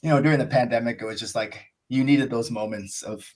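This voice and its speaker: A man's voice: medium pitch, quick pace, a little mellow. An American man talking as a podcast guest, telling his story in a casual, enthusiastic, rambling way, full of "like" and "you know". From USA.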